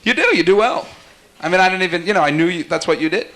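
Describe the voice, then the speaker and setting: Man, high voice, bright tone, wisecracking warm-up host, jokey stage banter. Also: lively intonation. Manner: quick wisecracking, teasing guests. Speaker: talk show warm-up host.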